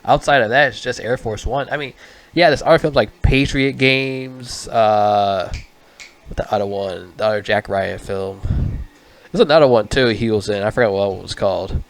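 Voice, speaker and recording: A man's voice: lowish voice, moderate pace, gravelly. A man giving a casual spoken movie review, rambling, swearing often and stumbling over his words.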